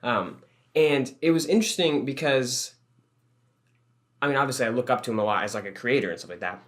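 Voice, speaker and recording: Young male podcast co-host, rapid, rambling, swears freely. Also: medium pitch, a bit bright. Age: young adult. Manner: rambling storytelling, swears often, laughs a lot. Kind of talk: casual chat.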